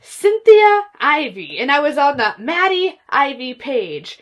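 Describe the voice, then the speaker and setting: A stoned woman talks casually on a vlog, dropping crude slang between coughs and laughs. Her voice sits very high and bounces all over. The talk is loose and giggly. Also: very animated, measured pace. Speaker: vlogger.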